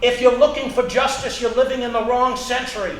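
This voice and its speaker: A man's voice: very high voice, fairly even intonation, a little fast, a bit bright. An actor playing a worldly, fatherly middle-aged male Chicago gangster in a live stage play, lecturing and telling stories in a wry tone. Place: theater stage. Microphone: distant room mic. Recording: roomy stage, distant mic, faint hiss.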